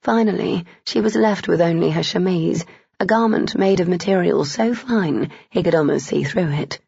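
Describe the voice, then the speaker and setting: A woman reading a romance novel aloud as an audiobook narrator, steady and even. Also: lowish voice, normal speed, gravelly, breathy edge, no echo. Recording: dull, dry, lo-fi.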